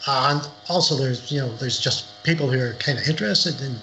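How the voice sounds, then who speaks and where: A man's voice: mid-range voice, fairly quick, sharp tone, slight background noise, poor audio. A middle-aged man from Northern Ireland, an author chatting in an interview over a livestream call, rambling and repeating words as he tells stories. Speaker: author guest. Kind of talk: casual interview chat. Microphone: livestream video call.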